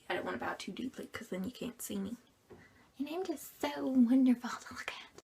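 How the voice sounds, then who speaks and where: A young woman talks in a hushed, very breathy whisper with a gravelly edge, her voice a little higher than most. She jokes and teases herself while handing out tips to camera. She keeps her voice down so the neighbours in her apartment building won't hear. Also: lively intonation, brisk. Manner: playful, joking, self-mocking. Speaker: vlogger giving theme park tips. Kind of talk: whispered casual talk to camera. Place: apartment at home, with neighbours below.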